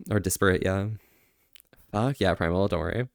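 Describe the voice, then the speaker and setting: A soft-spoken man chats on a livestream, his voice sitting a little low. He stretches his praise out slowly and gently, and the sound is close and dry, with no room around it. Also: gravelly, no room sound. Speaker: streamer. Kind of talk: casual livestream chat.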